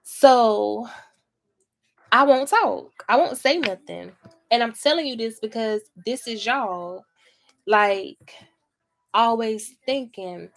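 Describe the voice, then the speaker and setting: Woman, tarot reader, casual to-camera reading, slightly high voice, blunt and profane. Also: animated, slow pace, gravelly, pauses often.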